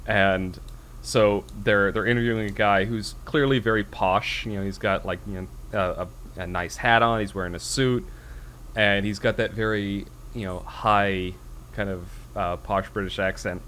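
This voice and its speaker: A man with a lowish voice rambles through casual podcast chat, laughing at his own stories. He restarts sentences often, and a faint hiss sits under the recording. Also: steady tone, normal speed, a bit bright. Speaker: podcast co-host.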